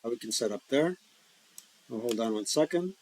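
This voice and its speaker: A man's voice: medium pitch, animated, moderate pace, a little mellow, poor audio. A man casually talking through a solo board wargame, joking and rambling with folksy asides. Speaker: board wargame player and host. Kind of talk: casual solo-play commentary.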